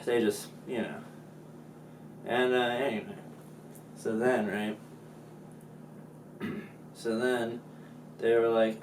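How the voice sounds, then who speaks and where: A man's voice: medium pitch, slow pace, pauses often, a little mellow, roomy sound, far from the mic, a little hiss or hum, low-quality recording. A man explaining history casually, joking and using many fillers. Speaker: student presenter.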